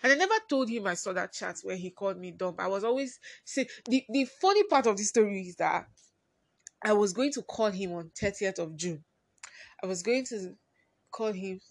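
A woman hosting her own podcast, talking through a personal story in a confiding way and often trailing off quietly. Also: medium pitch, dry recording. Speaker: podcast host.

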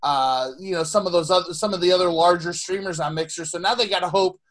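High-pitched guy rambling on a podcast, swears a lot, keeps restarting sentences. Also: fairly even intonation, fast, a bit bright. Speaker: podcast co-host. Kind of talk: casual chat.

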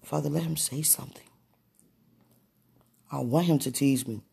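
A vlogger speaking an emotional, pleading prayer to the camera, swinging between quiet murmurs and excited bursts. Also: mid-range voice, normal speed, creaky, slightly rough. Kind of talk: casual spoken prayer to camera.

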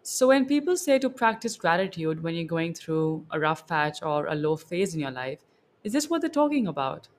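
A man's voice: fairly high pitch, big pitch swings, normal speed, a little hiss or hum. A man hosting a podcast interview who reacts with short remarks and asks thoughtful questions. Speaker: podcast host.

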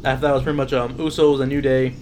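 A man's voice: mid-range voice, flat delivery, fast talker, noisy background. A man co-hosting a casual wrestling chat, retelling a show with quoted lines in a laid-back way. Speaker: podcast co-host.

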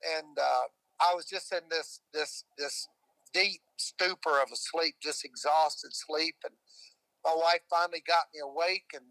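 Older man, bright halting storyteller. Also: fairly high pitch, steady tone, no echo, poor audio. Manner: halting, rambling, many fillers and restarts. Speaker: guest. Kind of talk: personal storytelling.

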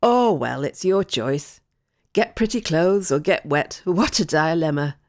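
A woman narrator voices a composed woman scientist in an audio story. She speaks in a measured, dry way with a faint tease, and her pitch moves freely. The recording is close and dry. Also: animated, darkish tone, no echo. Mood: teasing. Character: calm, wry woman scientist.

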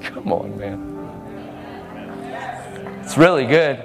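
A man's voice: medium pitch, lively intonation, takes it slowly, vocal fry. A man preaching a sermon boldly and emphatically, with laughing asides. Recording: hall reverb with faint music.

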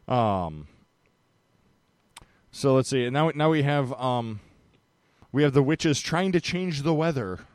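A man's voice: mid-range voice, lively intonation, slow, long pauses, clean tone, dry recording. A man hosting a podcast, chatting casually and joking, with a rambling delivery full of fillers. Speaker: podcast host.

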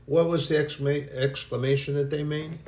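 A man preaching a sermon, earnest and animated, who now and then acts out frightened voices. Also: a little high, a little fast. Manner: earnest, animated preaching with sudden bursts of acted panic. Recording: echoey room.

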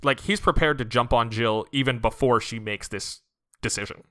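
A man with a bright, forward voice co-hosts a casual film chat. He picks apart the movie analytically and peppers his talk with "like.". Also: medium pitch, normal speed. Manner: critical, analytical, uses "like" a lot. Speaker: podcast co-host.

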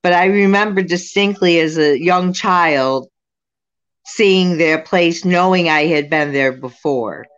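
A woman in her sixties, a guest psychic medium, answering interview questions at an unhurried pace with fillers and restarts. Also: on the low side, highs cut off. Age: 60s.

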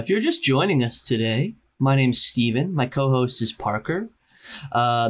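A young adult man quietly recording a solo podcast intro, bragging about himself in a deadpan, joking way. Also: medium pitch. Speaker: podcast co-host.

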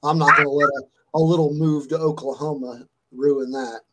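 Here a male streamer who's getting over a fever tells a meandering, filler-heavy story in a chatty way. He sounds a little high, with a steady, sharp tone at normal speed, captured on a rough recording.

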